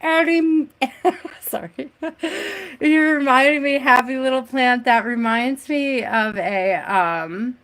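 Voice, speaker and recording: Slow, chatty woman tarot reader. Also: fairly high pitch. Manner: chatty and relaxed, laughs often, greets viewers by name. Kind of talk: live-stream tarot reading and chat.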